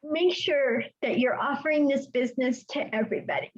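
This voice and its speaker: A woman's voice: sits high, fairly quick. A woman leading a team video call, emotional and heartfelt. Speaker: team leader. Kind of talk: casual team meeting talk. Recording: dull lo-fi call audio.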